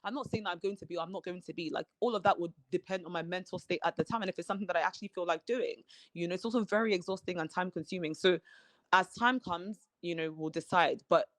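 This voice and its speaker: A woman with a somewhat low voice talks as a guest in a relaxed interview. The sound is dry and close, coming through a video call. She is chatty and leans on fillers like "you know". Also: quick pace, no room sound. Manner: talkative, sprinkles in "you know" and "like". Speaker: reality show cast member as guest. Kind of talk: casual interview chat.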